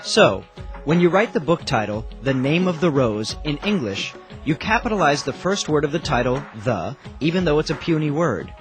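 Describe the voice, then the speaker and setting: A man reading scripted instructional narration in a lively, explanatory way. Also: a little high, normal speed, faint music behind.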